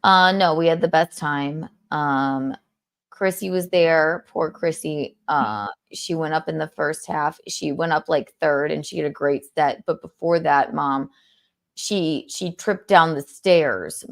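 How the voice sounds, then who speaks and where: A woman's voice: sits low, slow pace, creaky. A woman hosting a podcast, telling stories in a chatty, jokey way. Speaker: podcast host. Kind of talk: casual chat.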